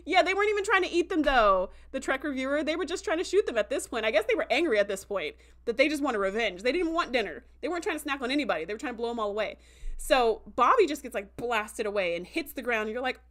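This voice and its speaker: A young adult woman recapping an episode in a casual livestream, animated and full of fillers, acting out quoted reactions as she goes. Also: fairly high pitch, fairly quick. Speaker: show reviewer.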